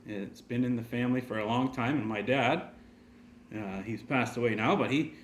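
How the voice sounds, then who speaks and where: A man's voice: medium pitch, normal speed, a little hiss or hum, natural voice. A man voicing a proud, plainspoken old male farmer who talks in a folksy, rambling way. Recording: echoey room.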